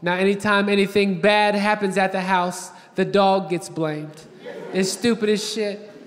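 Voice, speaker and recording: High-voiced brash stand-up comedian. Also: male voice, steady tone, a little slow. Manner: brash, profane storytelling with acted-out quotes. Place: large theater stage before a live audience. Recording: live theater with long reverb. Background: audience laughter.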